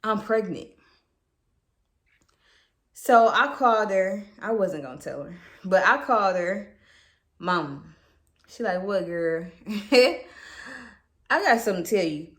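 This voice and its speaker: A woman's voice: mid-range voice, animated, slow, pauses often. A young woman telling a candid, chatty story to her viewers, swearing freely as she goes. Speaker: vlogger. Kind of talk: casual storytime chat. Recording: echoey room with background noise.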